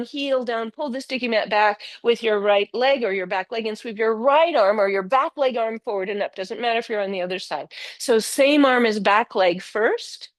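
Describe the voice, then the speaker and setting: A woman's voice: on the high side, no echo. Older woman coaching a live yoga class. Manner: encouraging, praises students by name. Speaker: yoga teacher. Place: yoga studio.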